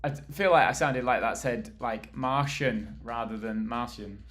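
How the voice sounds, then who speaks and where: A man's voice: mid-range voice, moderate pace, fairly bright tone. A British man from the UK chatting casually with viewers on a live stream, rambling and laughing easily while he assembles furniture and moves around. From United Kingdom.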